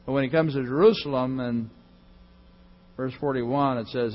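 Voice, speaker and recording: A male pastor giving a sermon, swinging between loud emphasis and soft, hushed reading. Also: mid-range voice, moderate pace, long pauses, dull audio.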